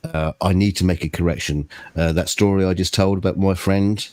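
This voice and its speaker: A man's voice: low voice, steady tone, a little fast, a little mellow, dry recording. A man co-hosting a casual online chat, telling stories with lots of stammering, repeated words and swearing. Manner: stammers and repeats words, swears, laughs at his own story. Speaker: co-host of a group live chat.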